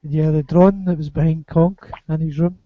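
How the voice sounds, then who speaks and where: Higher-voiced man on a dry lo-fi line. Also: fairly even intonation, moderate pace, no echo. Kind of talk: casual chat.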